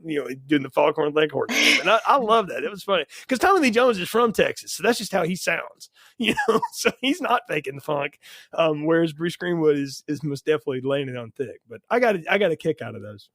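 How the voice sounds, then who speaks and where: A man co-hosting a film review podcast, chatting casually with frequent laughs and quick stories. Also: on the high side, no echo, clean studio sound. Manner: animated, laughs often, tells anecdotes. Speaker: podcast co-host.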